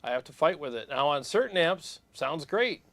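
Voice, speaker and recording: A man hosting a casual livestream, animated and blunt, laughing often as he talks shop. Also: on the high side, normal speed, no room sound. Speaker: host of a guitar gear livestream.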